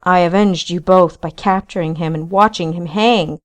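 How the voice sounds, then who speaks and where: A woman reading aloud voices a guilt-ridden male bounty hunter who pleads in loud, quivering anguish. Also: lowish voice, steady tone, moderate pace, natural voice.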